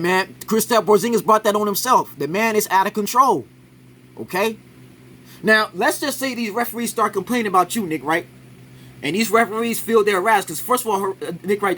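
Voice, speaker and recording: A man's voice: sits high, sharp tone, slight background noise. A man giving an argumentative reaction commentary on a sports clip, keeps asking "right?" after his points.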